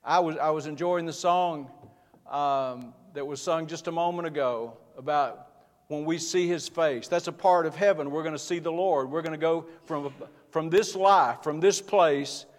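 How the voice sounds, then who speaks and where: A man's voice: fairly high pitch, moderate pace. A man preaching a sermon as pastor, earnest and building in force as he speaks. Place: church sanctuary. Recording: long hall reverb.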